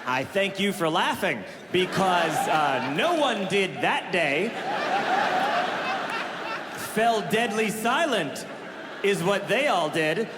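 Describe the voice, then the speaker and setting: A man in his thirties performing stand-up comedy on a large theater stage, telling stories in an animated way with exaggerated voices for the people in them. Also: high-pitched, takes it slowly, pauses often, very noisy. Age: 30s. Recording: live hall reverb with crowd laughter.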